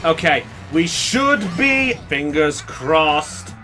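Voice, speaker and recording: A male game streamer giving excitable live commentary, laughing often and chatting with viewers. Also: high voice, measured pace, soft background music.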